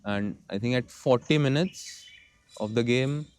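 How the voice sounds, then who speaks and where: A man's voice: medium pitch, a little slow, smooth. A young man with an Indian accent, telling stories as a guest in a casual podcast conversation and slipping Hindi into his English. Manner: relaxed storytelling, mixing Hindi into English. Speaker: guest, football goalkeeper.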